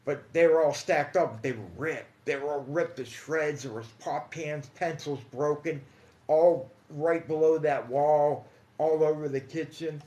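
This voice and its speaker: A man casually telling his own paranormal experiences on a livestream, calling his listeners guys and dude, hushed in some stretches and emphatic in others. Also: a little high, a little slow, highs cut off. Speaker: paranormal storyteller. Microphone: phone or computer mic on a livestream. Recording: echoey room.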